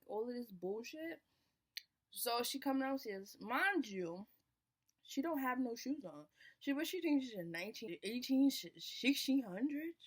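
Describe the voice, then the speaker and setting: A young woman telling a personal story in a casual storytime, animated and swearing, acting out what people said. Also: mid-range voice. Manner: animated, swearing, acts out quoted lines. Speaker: vlogger.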